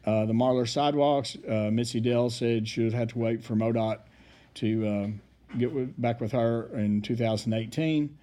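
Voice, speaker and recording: Man, council report, mellow, halting delivery full of uhs. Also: medium pitch, fairly even intonation. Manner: rambling, hesitant, many fillers. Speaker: city official giving council report. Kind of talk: public meeting report.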